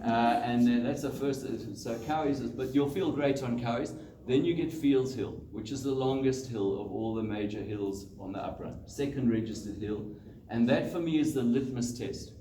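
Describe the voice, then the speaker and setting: Man, animated storyteller, distant mic, roomy hall, clear room noise. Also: medium pitch, moderate pace, hardly any pauses. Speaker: guest speaker at a running club. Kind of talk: live talk to an audience. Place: club meeting room.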